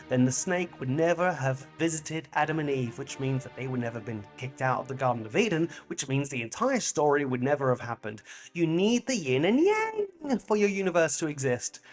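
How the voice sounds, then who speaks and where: A French-born man with a British accent hosting a comic monologue, animated and jokey with sudden pitch jumps. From France. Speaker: comedian host.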